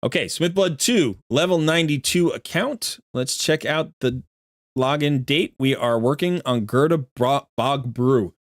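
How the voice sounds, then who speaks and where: A man's voice: mid-range voice, measured pace, no echo. Chatty male streamer, dry close sound. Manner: chatty, rambling, self-correcting. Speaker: streamer reviewing viewer game accounts. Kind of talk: casual live-stream commentary.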